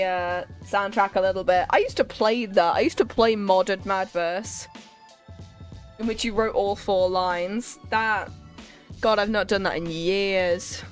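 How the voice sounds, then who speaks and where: A British woman streams a game, chatting away and reacting to what happens on screen. She talks in a relaxed, conversational way. Faint game music runs behind her voice. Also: mid-range voice, unhurried. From Britain. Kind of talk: casual chat while playing a game.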